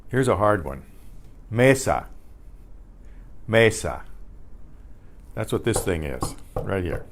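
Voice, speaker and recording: An older man teaching a beginners' Spanish class, patiently repeating each word several times with clear emphasis. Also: sits low, expressive, moderate pace, a little hiss or hum. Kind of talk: slow beginner language lesson. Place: community center class for seniors.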